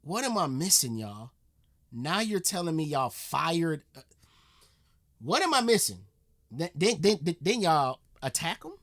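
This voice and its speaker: A man's voice: on the high side, sing-song, unhurried, fairly bright tone. An American man hosting a reaction video, talking casually and getting exasperated, repeating himself, swearing and saying "bruh" often. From United States.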